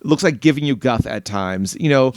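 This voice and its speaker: A man's voice: medium pitch, expressive, moderate pace, dry recording, studio quality. Jokey, stumbling man as interview host. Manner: jokey, enthusiastic, stumbles over words. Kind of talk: casual interview.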